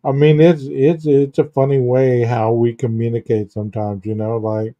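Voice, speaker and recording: A man co-hosting a casual podcast. He tells stories in an animated way and acts out the lines people said to him. His voice sits at an ordinary pitch. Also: moderate pace, lo-fi sound. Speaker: podcast co-host. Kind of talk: casual chat.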